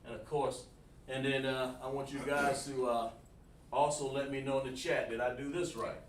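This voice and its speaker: In a live-streamed language lesson, a man with a medium-pitched voice speaks at a moderate pace and a flat delivery. He coaches repetitively, saying things more than once and asking the chat for feedback. The room is echoey, the mic distant, with faint noise.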